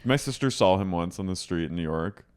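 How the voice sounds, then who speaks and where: A man co-hosting a podcast and tossing out blunt, deadpan one-liners about a TV episode. His voice is very low and smooth, with a resonant clarity. He speaks into a studio mic. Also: brisk. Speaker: podcast co-host. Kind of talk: casual chat recapping a TV episode.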